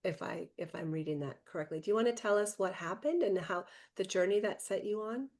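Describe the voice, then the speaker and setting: Host: woman on a video call, mid-pitched, reads a guest intro, then interviews with affirming murmurs. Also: fairly quick, darkish tone. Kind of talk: interview hosting.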